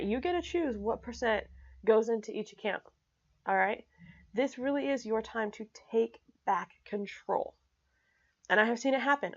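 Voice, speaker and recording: An energetic woman teaching personal finance in a casual talk to camera, checking in often with her listeners and making her points bluntly. Her voice sits at a middle pitch and comes through a slightly dull, lo-fi recording. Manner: energetic, frequent "okay?" check-ins, blunt and emphatic.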